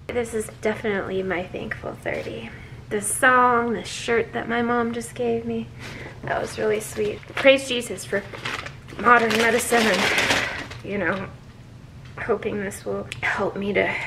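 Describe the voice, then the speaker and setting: This is a woman filming a casual vlog at home while she is unwell, with a stuffy nose and an aching chest. Her voice has a gravelly fry and often sinks to a whisper. The recording picks up noticeable background noise, and her pitch sits in an ordinary middle range. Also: steady tone, a little slow. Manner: soft-spoken, often dropping to a whisper. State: sick, with a runny nose and a sore chest. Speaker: vlogger. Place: at home, indoors.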